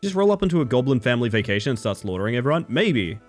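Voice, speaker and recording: An excitable man streams a game live, talking to his viewers in a mid-range voice that leaps up and down as he reacts. He swears, yelps and laughs whenever something catches him off guard. Faint music plays underneath. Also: medium pitch, very fast. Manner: chats with viewers.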